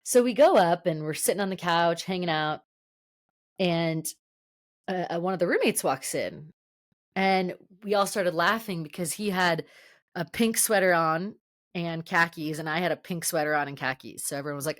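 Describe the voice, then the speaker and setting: A woman hosts her own podcast alone and talks in a loose, rambling way, often correcting herself mid-sentence. Her voice sits a little low for a woman. The sound is close and dry, with no room echo. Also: expressive, a little fast. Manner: chatty, self-correcting storyteller with lots of fillers. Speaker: podcast host. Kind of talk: solo podcast monologue.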